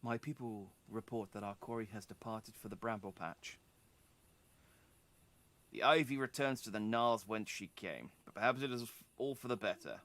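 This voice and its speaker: A man reading as a hushed secretive ninja woman. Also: on the low side. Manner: soft, measured reading of game dialogue.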